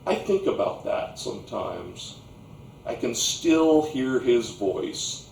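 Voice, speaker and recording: Slow-telling man on a distant stage. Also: mid-range voice, animated, gravelly, a little mellow, slight background noise. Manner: slow, deliberate comic storytelling. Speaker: stage actor performing a monologue. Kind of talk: theatrical storytelling monologue. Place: theatre stage. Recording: roomy stage sound from a distant mic.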